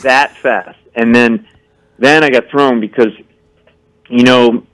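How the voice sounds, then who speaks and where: A man's voice: mid-range voice, slow, no echo, low-quality recording. A man, a comedian guest on a radio show, telling a story with lots of acted-out voices and mock stammering. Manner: excitable, acts out voices, stammers for effect. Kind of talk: animated storytelling.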